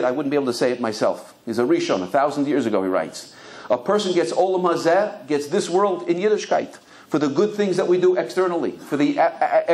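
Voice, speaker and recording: In a high-pitched voice with a darkish tone, a rabbi lectures on the Torah. His delivery leans heavily on anecdotes, and he restarts his words many times over.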